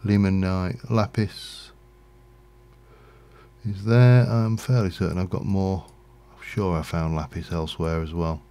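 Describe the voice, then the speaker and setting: Male streamer, slight Yorkshire accent, deep voice with a gravelly edge, loose casual commentary. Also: fairly even intonation, unhurried, warm tone. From Yorkshire, England. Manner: rambling, chatty, self-correcting. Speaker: game streamer. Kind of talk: casual livestream gameplay commentary.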